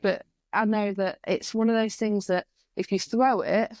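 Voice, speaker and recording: A woman with an English East Midlands accent, a podcast guest telling stories in an animated, chatty way. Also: mid-range voice, normal speed, no echo, clean studio sound. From East Midlands, England. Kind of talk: casual conversation.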